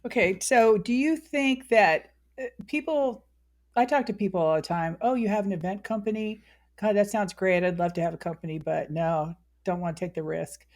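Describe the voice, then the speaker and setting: A woman's voice: mid-range voice, moderate pace. A woman hosting a podcast interview, talking reflectively about leaving her comfort zone. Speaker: podcast host. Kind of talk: casual interview chat.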